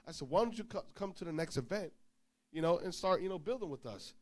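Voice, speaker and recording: A male preacher telling a travel story in an informal sermon, acting out both sides of the dialogue and swinging between loud and soft. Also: high voice, lively intonation, quick pace.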